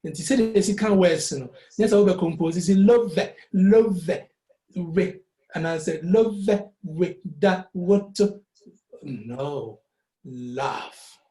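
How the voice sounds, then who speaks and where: This Ghanaian-accented music teacher speaks slowly in a warm, somewhat high voice. Patiently breaking words into syllables, he blends Twi with English as the classroom echoes around him.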